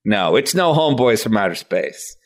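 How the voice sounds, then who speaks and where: A man co-hosting a comedy podcast, riffing in animated, ranting bits. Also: on the low side, normal speed. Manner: animated, riffing, swings into silly voices and rants. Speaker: podcast co-host and guest. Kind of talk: casual comedic podcast banter.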